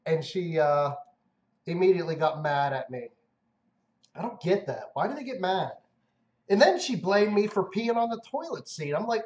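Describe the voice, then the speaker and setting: A man's voice: sits high, animated, normal speed, a little mellow, roomy sound, muffled recording. A man co-hosting a casual live stream, telling crude stories in a rambling, jokey way with lots of restarts.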